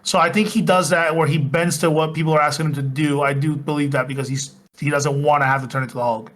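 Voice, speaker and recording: A man co-hosting a podcast in casual chat, animated, jumping in to correct and swearing freely. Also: fairly high pitch, fast talker. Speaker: podcast co-host. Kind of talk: casual movie-recap chat.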